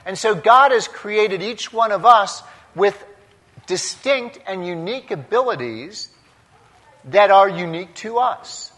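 A priest preaches with a fairly high voice, taking his time and pausing between short, emphatic phrases. His words ring out with the long reverb of a large church. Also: expressive, a bit bright. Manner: slow, deliberate delivery in short emphatic phrases. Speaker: priest giving a homily. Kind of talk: sermon.

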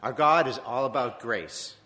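A man from Virginia preaching a sermon in a church, reflective and conversational, with pauses and self-corrections. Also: medium pitch, bright, forceful tone. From Virginia, USA. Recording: long echoing church reverb.

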